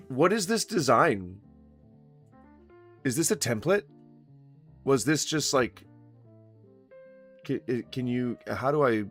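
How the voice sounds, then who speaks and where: This commentary YouTuber has a mid-range, slightly bright voice. He mocks what he's reacting to with plenty of profanity and keeps breaking into laughter, while faint smooth jazz plays behind him.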